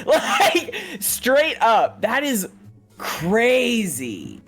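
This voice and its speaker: A woman's voice: fairly low pitch, sing-song, normal speed, music in the background. A woman co-hosting a podcast in casual chat, exasperated, swearing and laughing often. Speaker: podcast co-host.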